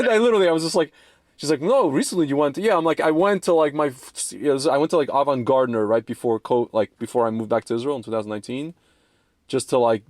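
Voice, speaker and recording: A man in his thirties rambles through a casual chat, laughing and slipping into quoted voices. His voice sits in a middle pitch and sounds dry and close, with no room around it. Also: a little mellow, no room sound. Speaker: podcast co-host.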